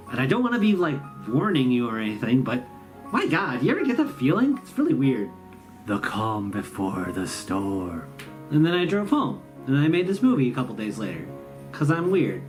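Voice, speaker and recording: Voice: medium pitch, a little mellow. A host, telling a sarcastic, rambling comic story about the holidays. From Midwestern US. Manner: sarcastic, rambling, self-mocking. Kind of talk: comedic storytelling monologue.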